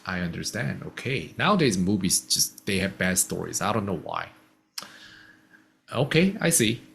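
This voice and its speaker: A man's voice: low-pitched, wildly swooping pitch, moderate pace, vocal fry, a bit bright, a little hiss or hum. A man teaching a casual one-on-one English lesson, patiently explaining simple words.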